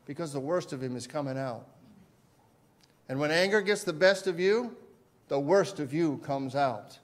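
A man preaching a sermon as pastor, swinging between loud emphasis and quiet asides and putting questions to his listeners. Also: fairly high pitch, animated, normal speed. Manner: asks the congregation questions.

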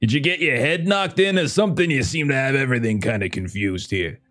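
A man voicing a brash, sleazy male magazine editor who needles and mocks the caller in a gruff, bargaining way. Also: mid-range voice, fairly quick, a bit bright, lightly acted. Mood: needling.

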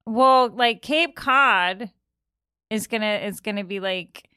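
A woman in her forties from Massachusetts, a podcast guest who tells family stories in a wry, deadpan way. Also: medium pitch, slow, clear, resonant tone, no echo, clean studio sound. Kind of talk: casual chat.

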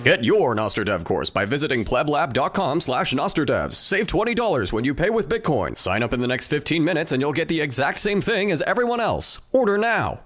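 A man playing a brisk announcer reading the closing ad pitch. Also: big pitch swings, fairly bright tone. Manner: brisk ad-read delivery. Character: male fast-talking ad announcer.

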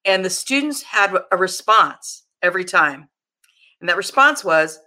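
A middle-aged podcast host speaking in an earnest, measured and supportive way while leading a discussion. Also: medium pitch, animated, pushed and bright.

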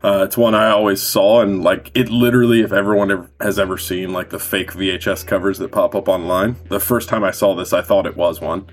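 A man talking as a guest on a casual podcast, relaxed and rambling with fillers. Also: low-pitched, a little fast, hardly any pauses.

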